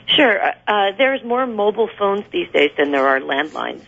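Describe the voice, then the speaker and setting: Gravelly-voiced woman explaining on radio. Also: medium pitch, sing-song, normal speed, a bit bright. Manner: explanatory, many fillers. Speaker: marketing expert guest. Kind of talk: radio interview answers. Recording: dull lo-fi radio recording.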